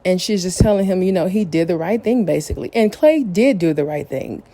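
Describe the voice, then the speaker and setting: A woman's voice: lowish voice, expressive, brisk, warm tone. A woman hosting a podcast, recapping a reality show in a candid, opinionated, casual way. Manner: opinionated, candid, retells scenes in detail. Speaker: podcast host.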